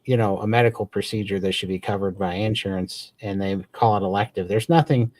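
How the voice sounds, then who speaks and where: A man's voice: on the low side, brisk, darkish tone, no echo. A man co-hosting a casual livestream chat, talking with eager, grateful enthusiasm and rambling restarts. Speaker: podcast co-host.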